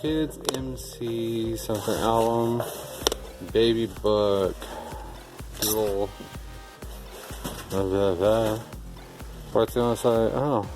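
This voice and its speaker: A man hosting a vlog, giving casual commentary while unboxing a storage unit. He jokes, swears freely and thinks out loud. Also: fairly low pitch, steady tone, drawn-out words, pauses often, rough recording. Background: background music.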